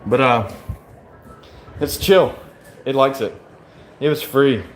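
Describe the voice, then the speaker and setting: A man's voice: medium pitch, slow pace, a little hiss or hum. A tired man hosting a casual livestream, talking bluntly and rambling, with frequent swearing. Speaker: livestream host.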